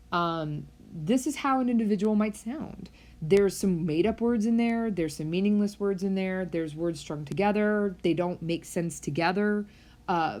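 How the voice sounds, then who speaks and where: A woman lecturing on psychology in a relaxed, conversational way, with frequent fillers and restarts. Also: medium pitch. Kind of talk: recorded university lecture.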